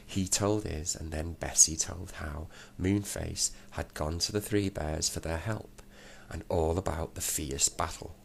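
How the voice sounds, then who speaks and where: Deep gravelly man reading a storybook. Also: steady tone, a little slow, hardly any pauses, a little hiss or hum. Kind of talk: reading a children's storybook aloud.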